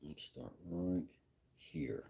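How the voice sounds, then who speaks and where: A man's voice: low-pitched, fairly even intonation, extremely slow, vocal fry, very noisy. A man hosting a vlog, chatting casually to himself with joking asides while working on a desk in a workshop. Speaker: vlog host. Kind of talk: casual running commentary while woodworking.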